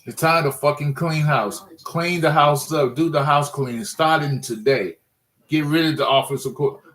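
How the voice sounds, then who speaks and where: A man's voice: on the high side, moderate pace, a bit bright, low-quality recording. A man ranting in a casual monologue, frustrated and rambling, often restarting his sentences. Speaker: sports fan vlogger.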